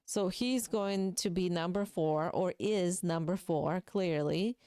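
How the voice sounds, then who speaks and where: A woman's voice: lowish voice, slow pace, warm tone, no room sound, clean studio sound. A woman giving casual, chatty commentary over her own gameplay, reacting emotionally and talking to viewers. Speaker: gaming video creator.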